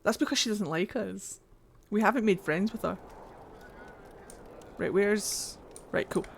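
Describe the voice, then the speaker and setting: A woman's voice: mid-range voice, a little slow, creaky, breathy edge. A woman live-streaming a game, chatting casually with viewers and reading game text aloud.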